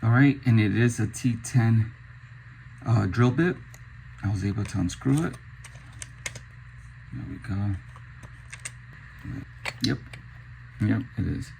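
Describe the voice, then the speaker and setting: A man's voice: lowish voice, slow, gravelly, long pauses, darkish tone, slight background noise. A young man casually talking through car parts in a show-and-tell vlog, thinking aloud with filler words as he tallies prices. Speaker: car parts reseller vlogger.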